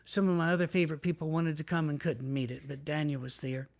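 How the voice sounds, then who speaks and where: Male pastor with a slightly higher voice who preaches conversationally and plays out his quotes. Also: flat delivery, fast, gravelly. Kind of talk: sermon.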